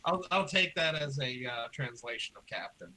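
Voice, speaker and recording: Chill guy player at the table, bright voice. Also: mid-range voice, lively intonation, moderate pace, slight background noise, rough recording. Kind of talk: casual tabletop chat.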